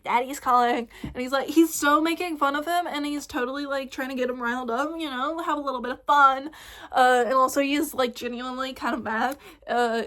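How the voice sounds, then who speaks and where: A young woman ranting excitedly in a casual fan vlog, rambling with lots of fillers and swearing. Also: high voice. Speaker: vlogger.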